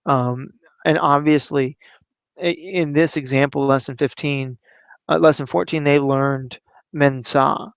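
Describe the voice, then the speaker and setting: Relaxed male Latin teacher reciting forms. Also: on the high side, unhurried, vocal fry, clean tone, dry recording, dull audio. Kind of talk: explaining classroom Latin recitation.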